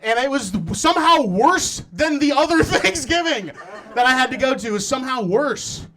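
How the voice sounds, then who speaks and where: Young guy doing standup in a club, pretty high voice, does little voices and keeps cracking up. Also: expressive, moderate pace, a bit bright. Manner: acts out voices of his mom and himself, laughing through lines. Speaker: stand-up comedian. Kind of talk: stand-up comedy set. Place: comedy club stage in front of a live audience.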